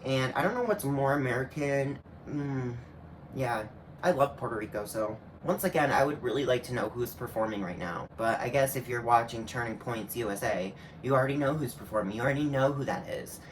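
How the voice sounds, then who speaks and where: A man's voice: mid-range voice, brisk. A man reacting on camera in a sassy, snarky way, tossing out slangy asides in a casual running commentary. A faint hiss sits under his voice throughout. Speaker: reaction video host.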